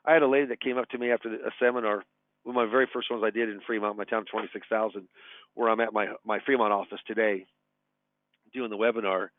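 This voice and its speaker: A man's voice: fairly low pitch, steady tone, quick pace, no room sound. A man in his sixties, a retirement advisor giving a webinar from his office in a folksy, chatty way. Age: 60s. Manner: folksy, chatty, tells anecdotes and chuckles. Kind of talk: webinar teaching. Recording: tinny phone-like dry webinar audio.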